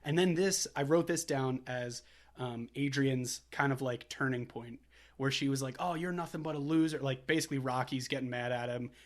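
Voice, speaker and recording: A man's voice: mid-range voice, fairly even intonation, moderate pace. A young man co-hosting a film podcast, chatting casually and retelling scenes with quoted lines and laughs. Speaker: podcast co-host. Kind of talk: casual chat.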